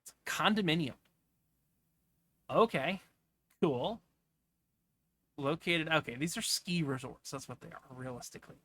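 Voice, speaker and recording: A man's voice: a little high, animated, unhurried, pauses often, a bit bright. A man giving casual, off-the-cuff commentary as he clicks through travel listings, rambling with asides. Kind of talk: casual screen-share commentary.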